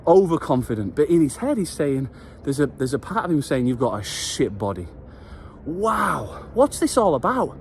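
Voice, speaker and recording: This vlogger has a slightly high, darkish voice with a sing-song lilt, talking at normal speed with hardly any pauses. Having just finished a workout, he gives a heartfelt motivational message with passion and occasional swearing, over a bit of hiss or hum.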